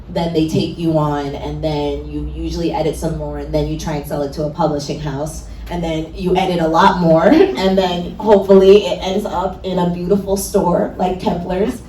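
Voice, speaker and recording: A woman's voice: low voice, flat delivery, moderate pace, dark tone, a little hiss or hum. A woman moderating a book signing event, talking in a thoughtful, conversational way. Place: bookstore event. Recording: echoey room, mic far off, faint chatter.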